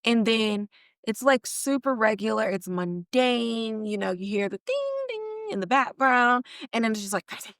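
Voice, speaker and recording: A woman hosts a podcast and recaps a TV episode in loose, slangy, animated storytelling. Her voice sits fairly high, and the recording is dry and close. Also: normal speed, no echo. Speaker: podcast host. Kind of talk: casual TV recap chat.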